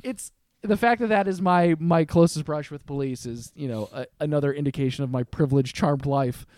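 A young man telling a story as a podcast guest, animated and acting out the lines of other people. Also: a little high, brisk, no room sound, studio quality. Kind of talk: casual storytelling.

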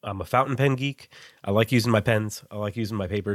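A man's voice: fairly low pitch, steady tone, quick pace, no room sound, clean studio sound. A man co-hosting a writing podcast, chatting casually with lots of "like" fillers. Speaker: podcast co-host.

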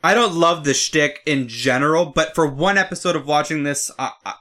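A man's voice: fairly high pitch, a little fast, pushed and bright. A man in a casual podcast chat, giving laid-back commentary and chuckling often.

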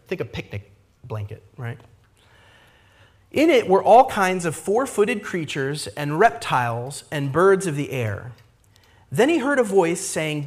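A pastor delivers a Sunday sermon in a fairly high, very animated voice that leaps up and down as he tells the story. He explains the text conversationally, tossing in quick asides and short acted-out lines for the characters. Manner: lively expository preaching, frequent asides with "right?".

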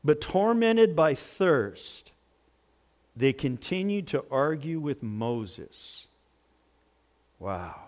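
A male pastor preaching a sermon in a jokey, animated way, with sudden loud outbursts. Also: on the high side, slow pace.

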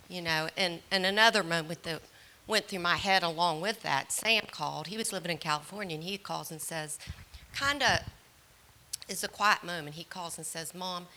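A middle-aged mother on a parenting panel, telling a story in an animated way and acting out both her own lines and other people's. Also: fairly low pitch.

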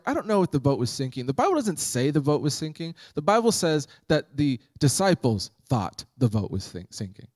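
A man's voice: a little high, no echo. A man preaching a sermon as pastor, conversational and humorous, acting out Bible scenes.

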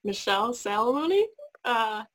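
A young woman speaks softly over a video call. She is near tears and hurries through a heartfelt tribute to a close friend. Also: fairly high pitch, animated. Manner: tearful, rushed, softly spoken. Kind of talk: emotional tribute.

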